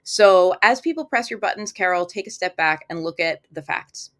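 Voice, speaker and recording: A woman's voice: lowish voice, lively intonation, normal speed. A woman reading tarot cards on a live stream, chatting casually with fillers and acting out little quoted thoughts.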